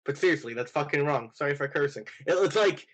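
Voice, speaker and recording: Young male co-host from Texas, slightly high voice, loose rambling humor with mock outrage. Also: lively intonation, fast talker, fairly bright tone. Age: young adult. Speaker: podcast co-host. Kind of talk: casual chat.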